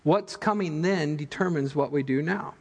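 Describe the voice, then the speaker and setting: A man preaching a sermon as pastor, telling stories in an animated, humorous way. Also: on the high side, normal speed, slightly rough, long reverb tail. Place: church sanctuary.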